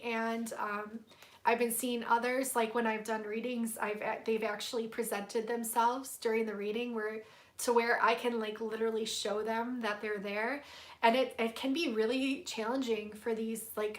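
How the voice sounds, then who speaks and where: A woman giving a live spiritual tarot reading to her viewers, soft-spoken and gushing, with many fillers and easily moved to emotion. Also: on the high side. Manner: emotional, tearful at moments. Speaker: tarot reader hosting a livestream.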